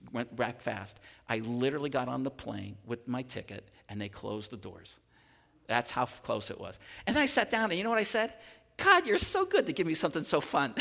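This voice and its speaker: A man's voice: mid-range voice, vocal fry, a bit bright. A man preaching a sermon as pastor, telling a personal story with lots of restarts and stammered repeats. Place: church sanctuary. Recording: long hall reverb.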